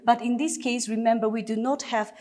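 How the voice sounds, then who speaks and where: A woman's voice: fairly high pitch, fairly even intonation, a little fast, darkish tone. A woman teacher from Nagaland with a Naga English accent, giving a recorded class lesson patiently and step by step with repeated examples. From Nagaland, India.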